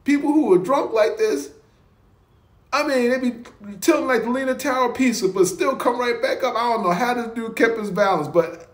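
A man's voice: very high voice, moderate pace. A man hosting a reaction video, telling stories with frequent chuckles. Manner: chuckling storyteller, animated. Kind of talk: casual reaction commentary. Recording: roomy echo.

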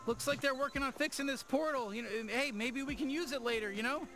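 High, squeaky alien gun sidekick, rambling and talkative. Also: male voice, quick pace. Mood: chatty. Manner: rambling, full of "you know". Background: game music.

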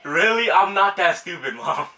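A young man, a prank vlogger at home, keeps saying sorry between nervous laughs. His voice is bright and bouncy in pitch. He is caught from a distance in an echoey room. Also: animated, moderate pace. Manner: apologetic, laughing, repeating himself. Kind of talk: casual prank vlog. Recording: roomy home audio, mic at a distance.

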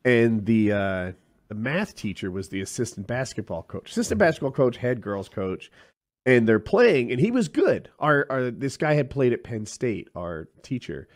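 A man of middle pitch with a very lively, animated melody tells a story in a relaxed way. He pauses often on "uh" and the flow is loose. It is a casual podcast conversation. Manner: anecdotal, trails off with "uh".

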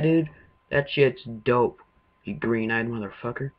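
A man's voice: medium pitch, measured pace, dull audio. A man giving jumpy, swearing running commentary while playing a video game. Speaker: gamer. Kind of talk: let's-play commentary.

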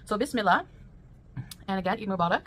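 A woman in a casual eating vlog, describing each dish in a chatty, relaxed way and pausing to taste between remarks. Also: medium pitch, slight background noise. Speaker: food vlogger.

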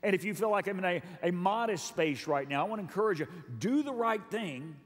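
Under the long reverb of a large church hall, a middle-aged male pastor preaches earnestly and emphatically, repeating phrases for effect. His voice sits high, and he speaks briskly with animation.

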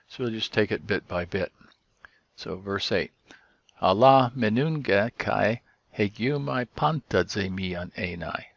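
A man teaching, who explains each point step by step in a measured way with frequent pauses. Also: low-pitched, fairly bright tone, dry recording, muffled recording. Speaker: Greek teacher. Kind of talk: explanatory lecture.

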